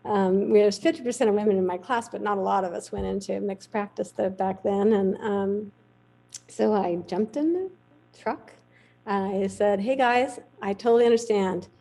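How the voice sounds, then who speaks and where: A middle-aged woman recounts an old career story with lively, animated storytelling, acting out the people she quotes. Her voice has a gravelly fry and a dark, mellow tone. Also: mid-range voice, moderate pace, rough recording. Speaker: veterinarian guest. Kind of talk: storytelling in a podcast interview.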